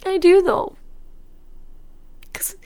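Speaking very slowly in a darkish tone, a woman rambles through her unscripted solo podcast. She's candid, swears casually, and keeps correcting herself.

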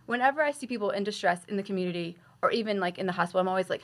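Guest, female nurse, 30s; animated, conversational storyteller who voices her own past remarks. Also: mid-range voice, very fast.

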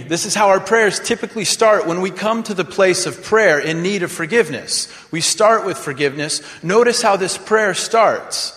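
Pastor, male, mid-high voice, dramatic sermon delivery, long reverb from a large church hall. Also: moderate pace, a bit bright. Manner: dramatic, acts out prayers in mock voices.

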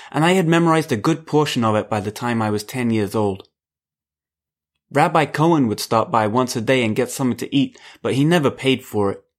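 Male narrator, mid-pitched voice, measured and reflective first-person audiobook read that lingers on key words.

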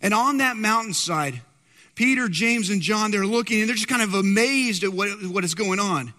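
A man preaching a sermon with emphatic storytelling and repeated key words. His voice is high and bright, and it carries a long hall reverb. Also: animated, normal speed.

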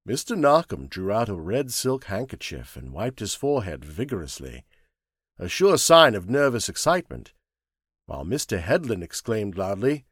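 A man narrating an audiobook in a measured, expressive way. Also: fairly low pitch, husky, no echo, studio quality.

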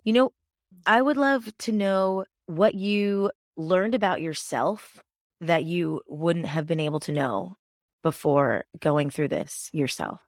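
A woman interviewer asking questions in a calm, encouraging way. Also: on the low side, slow pace, no room sound, studio quality. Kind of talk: conversational interview.

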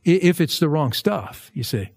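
A male pastor preaching a verse-by-verse sermon in a conversational way, with jokey asides and lively emphasis. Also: on the high side, normal speed, dry recording.

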